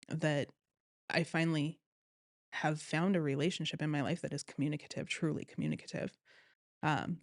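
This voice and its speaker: A woman telling her own story as an interview guest, earnest and animated, often quoting what others said. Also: low voice, no room sound, clean studio sound. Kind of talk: personal story in conversation.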